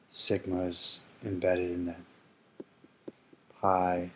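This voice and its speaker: A man's voice: deep voice, flat delivery, unhurried, long pauses, a bit bright. A man teaching ancient Greek grammar in a casual explanatory lesson, thinking aloud and correcting himself as he goes.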